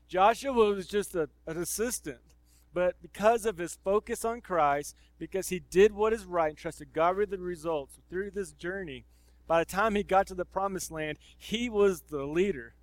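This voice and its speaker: A man's voice: high-pitched, normal speed, dry recording, poor audio. Casual, conversational male preacher. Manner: swings between loud emphasis and near-murmured asides. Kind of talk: sermon.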